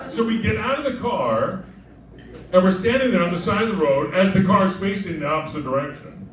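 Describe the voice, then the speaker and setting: A man's voice: high-pitched, lively intonation, brisk, a bit bright. A man performing live comic storytelling at a club, chatty and digressive, often laughing as he talks. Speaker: cabaret performer. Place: club stage with diners. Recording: echoey live room, distant mic, crowd noise.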